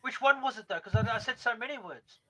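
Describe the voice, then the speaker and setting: Man playing a foul-mouthed gnome: high, bright, jokey, swears freely. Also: lively intonation, fast talker, a little hiss or hum. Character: gruff male gnome newcomer, boozy and crude. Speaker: player. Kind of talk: tabletop role-play in character.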